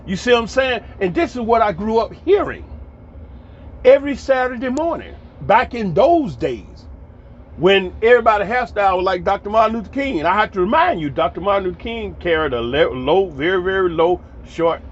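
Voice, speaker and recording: Folksy man telling old stories. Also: sits high. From Atlanta, Georgia, US. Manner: folksy, rambling, repeats words when he restarts. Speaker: storyteller vlogger. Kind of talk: casual storytelling monologue. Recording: dull lo-fi audio with faint background noise.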